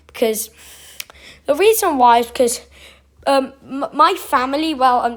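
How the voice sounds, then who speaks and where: A young woman vlogging to camera in a rambling, chatty way, full of fillers and restarts. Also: sits high. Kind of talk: casual chat to camera.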